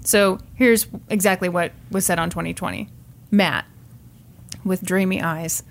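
A woman co-hosting a casual podcast, retelling a news story with quick laughs and mock voices for the people she quotes. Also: fairly low pitch, gravelly. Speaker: podcast co-host. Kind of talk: casual true-crime chat.

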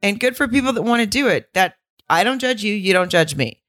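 A woman's voice: mid-range voice, expressive, fairly quick, a bit bright. A young woman co-hosting a podcast, chatting casually and frankly, swearing and acting out people's lines. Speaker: podcast co-host.

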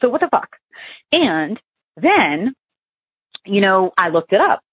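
A woman's voice: medium pitch, very animated, takes it slowly, slightly rough, no echo. A young adult woman calling in to tell a ghost story, chatty and rambling with many fillers, over a phone line. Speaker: caller telling a ghost story.

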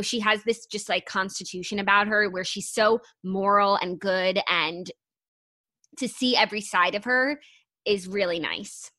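A woman's voice: medium pitch, bright, forceful tone. A young woman co-hosting a podcast, chatting casually in an earnest, thoughtful way with many fillers. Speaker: podcast co-host. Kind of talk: casual chat.

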